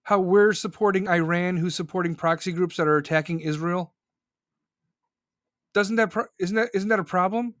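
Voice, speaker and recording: A male podcast host delivers a furious, profane political rant. He has a high, slightly bright voice and speaks at a moderate pace, recorded as clean studio sound with no room sound.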